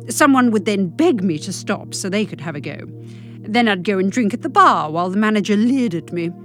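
A woman reading a comic monologue with dry, deadpan delivery. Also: medium pitch. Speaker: comic storyteller.

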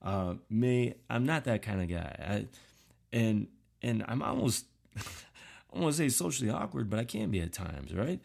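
A man's voice: on the low side, animated, unhurried, gravelly, a little mellow. A man hosting a podcast, talking through a casual, rambling monologue full of fillers and restarts, self-deprecating. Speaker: podcast host.

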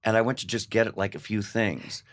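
An older man telling an animated anecdote in a casual chat, laughing as he goes. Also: fairly low pitch, brisk. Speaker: guest.

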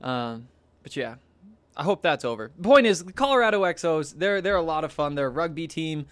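A man's voice: on the high side, lively intonation, a little fast, no room sound. A young man hosting a solo podcast in a casual, rambling way, full of fillers and restarts. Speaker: podcast host.

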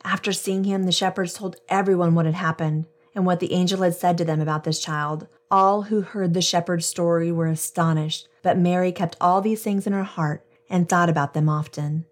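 A woman's voice: fairly low pitch, fairly even intonation, normal speed, few pauses. A woman hosting a devotional podcast, reading scripture and reflecting earnestly, addressing listeners as friends.

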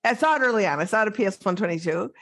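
A woman's voice: medium pitch, lively intonation, rapid-fire, fairly bright tone. A woman hosting a podcast in casual chat, gushing and enthusiastic, swearing freely. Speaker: podcast host.

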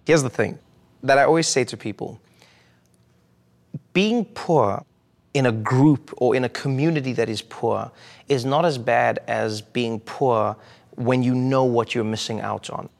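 A South African man in his thirties talks through his past in a considered, storytelling way, stopping now and then to restart a thought. His mid-pitched voice carries a gravelly edge. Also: a little slow. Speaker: interview guest, comedian. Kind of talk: reflective interview answers.

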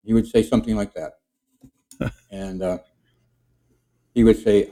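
A man chatting casually on a podcast in a rambling, halting way as he introduces his character voices. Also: fairly low pitch, fairly even intonation, dark tone, low-quality recording. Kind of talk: casual chat.

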